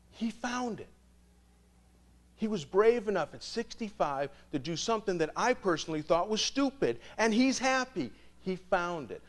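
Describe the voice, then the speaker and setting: A man preaching in a lively storytelling sermon, his voice swinging widely in pitch. He sits a little high for a man and laughs often as he tells his tales. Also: normal speed. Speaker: priest.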